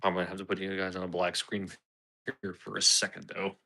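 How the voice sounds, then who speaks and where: A man's voice: low-pitched, completely flat delivery, brisk, gravelly, sharp tone. A man chatting casually on a live stream, rambling and chuckling as he reads chat aloud.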